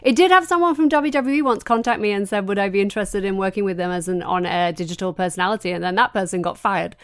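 A woman's voice: medium pitch, quick pace, clean tone, no room sound, studio quality. A woman co-hosting a wrestling podcast in casual chat, joking and laughing often. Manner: laughs often, jokey, animated. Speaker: podcast co-host.

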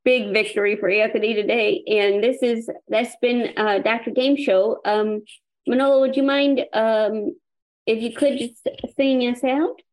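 A woman's voice: a little high, steady tone, a little slow, a little mellow. Upbeat woman hosting a podcast game show. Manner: upbeat, reads credits. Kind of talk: casual podcast chat.

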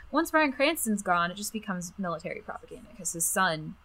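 A woman co-hosting a podcast in relaxed, chatty conversation. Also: fairly low pitch, fairly quick. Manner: relaxed, chatty, laughs easily. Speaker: podcast co-host. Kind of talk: casual chat.

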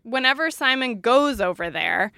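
A woman's voice: on the high side, animated, normal speed, vocal fry, sharp tone, clean tone, no room sound, clean studio sound. A woman in her thirties co-hosting a parenting podcast, rambling through stories with lots of fillers. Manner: rambling, filler-heavy storyteller. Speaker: podcast co-host. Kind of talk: casual chat.

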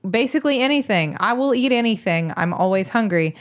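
A woman's voice: a little high, animated, a little fast, close to an everyday voice. A woman voicing a young male sideshow glutton hawking to a crowd. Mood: boastful.

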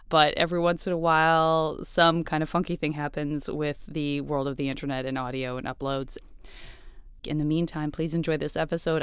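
A woman with a General American accent hosts a podcast, chatting casually and rambling with self-deprecating humor. Her voice is fairly low in pitch yet fairly bright in tone, and smooth.

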